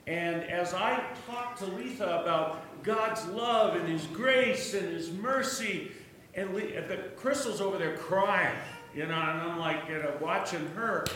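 Man, church testimony, animated storyteller, boomy hall echo, faint hiss. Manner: storytelling, animated, joking asides. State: hard of hearing. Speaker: church speaker sharing a testimony. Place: church sanctuary. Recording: echoey church room, distant mic.

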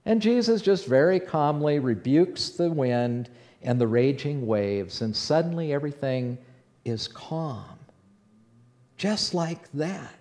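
A man voicing the apostle Peter, a bold and outspoken fisherman, recounting what he witnessed in a first-person dramatic monologue. His voice sits a little high for a man. The telling is animated, dropping to near-whispers and then rising loud again. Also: takes it slowly. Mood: awed storytelling. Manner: animated storyteller, swinging between hushed and loud. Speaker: preacher in character.

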